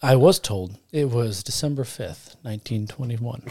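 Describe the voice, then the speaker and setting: He has a dark, mid-range voice at normal speed and barely pauses, captured dry on a studio podcast mic. As a podcast co-host, he tells a story loosely, backtracking to correct himself and throwing in jokes.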